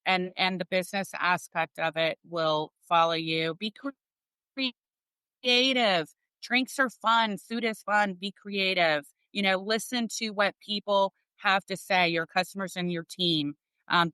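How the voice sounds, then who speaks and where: A middle-aged woman speaking earnestly into a close podcast mic, her voice bright and lively, smooth and clear. She stresses her points by saying them again. The sound is dry, with no room in it. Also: fairly low pitch, unhurried, dry recording. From Florida. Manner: earnest, emphatic, repeats words for stress. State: tearful, emotional. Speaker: restaurant owner, guest. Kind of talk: heartfelt podcast interview.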